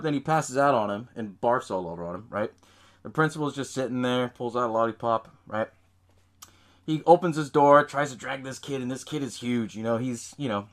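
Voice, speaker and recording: Lively, rambling podcast host recapping a film. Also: male voice, a little high. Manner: rambling, profane, laughs at own retelling. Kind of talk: casual movie recap.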